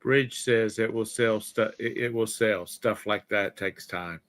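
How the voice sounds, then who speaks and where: A man's voice: lowish voice, a little slow, a bit bright. A tired man co-hosting a casual live chat, rambling and correcting himself as he goes. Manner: rambling, self-correcting, yawning. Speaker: co-host of a livestream.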